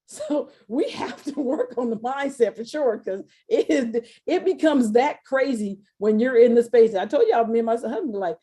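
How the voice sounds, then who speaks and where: A woman's voice: on the high side, animated, normal speed, hardly any pauses, mellow, husky. A middle-aged woman presenting a sales webinar in a chatty, informal way, acting out quoted voices and laughing often. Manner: informal, colloquial phrasing. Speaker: webinar presenter selling an NFT course. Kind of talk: casual sales webinar talk.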